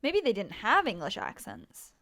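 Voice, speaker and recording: Playful American woman with a lively voice. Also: on the high side, normal speed. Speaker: podcast co-host. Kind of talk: casual chat.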